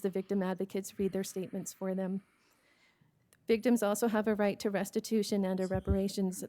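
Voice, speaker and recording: An earnest woman with a mellow, even, medium-pitched voice and an American accent presents for victim services at a county meeting. She reads a prepared report in a steady, earnest way, then answers questions, growing emotional and hesitant.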